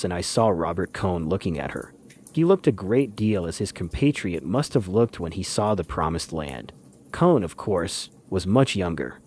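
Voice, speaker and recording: A man narrating a novel as an audiobook, in measured, dry first-person storytelling. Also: deep voice, darkish tone, a little hiss or hum. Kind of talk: scripted literary narration.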